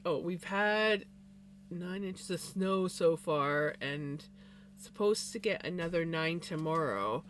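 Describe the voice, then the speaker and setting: A streamer, chatting casually with viewers on a live stream from home in a relaxed, unhurried way, with sighs and yawns. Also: medium pitch, a little hiss or hum. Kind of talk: casual livestream chat.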